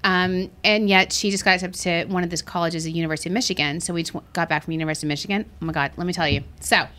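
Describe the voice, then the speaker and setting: Bright-voiced bubbly woman host. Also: on the low side, fairly even intonation. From Texas. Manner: bubbly, fast, laughs often. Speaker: podcast co-host. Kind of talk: casual chat.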